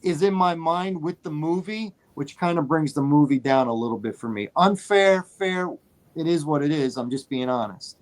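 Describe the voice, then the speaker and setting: A man co-hosting a casual movie podcast, telling a story in an animated way and repeating phrases for emphasis. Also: a little high, moderate pace. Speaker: podcast co-host.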